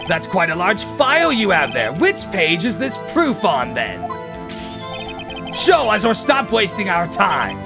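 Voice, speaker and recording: A man's voice: high-pitched, huge pitch swings, a little slow, vocal fry, over music, heavily acted. A man voicing an arrogant older male prosecutor who speaks in a scornful, dismissive way.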